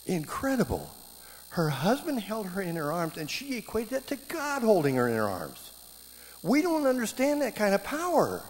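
A middle-aged man giving a sermon, telling stories with lively quoted voices. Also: high-pitched, normal speed. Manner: animated storytelling, voices quoted speakers. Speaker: preacher teaching marriage classes. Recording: long hall reverb, faint background noise.

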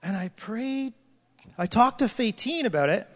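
In long hall reverb, a high-pitched man with lively intonation delivers an impassioned sermon without hurrying. Emotion overtakes him as he cries out in prayer and stops mid-sentence.

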